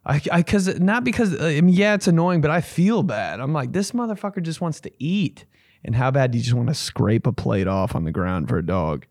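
Young male comic host, fry in the voice, dry studio sound, swears a lot and acts out the bits. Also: expressive, fairly quick, hardly any pauses, a little mellow, no room sound. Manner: profane, rambling, acts out voices with big pitch jumps. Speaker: comedian podcast host. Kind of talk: casual comedic storytelling.

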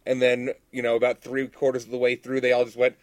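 A man speaks in a casual chat with a very flat, level delivery. He recounts a story calmly. The sound is dry and close. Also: medium pitch, fast talker, dry recording.

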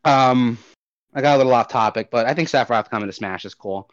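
A man's voice: mid-range voice, quick pace. Rambling young man, lo-fi audio. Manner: rambling, animated, swears casually. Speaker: podcast co-host. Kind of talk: casual gaming chat. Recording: dull lo-fi audio.

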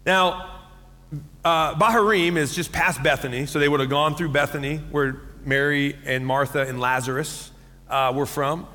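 A man in his thirties preaching a sermon as pastor, telling stories with lively acted-out quotes and laughter. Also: a little high, normal speed, long reverb tail.

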